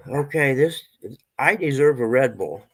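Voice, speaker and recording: A man's voice: mid-range voice, lively intonation, takes it slowly, a bit bright, breathy edge, poor audio. A middle-aged man chatting casually on a livestream, folksy and a little out of breath, talking to his pets and viewers.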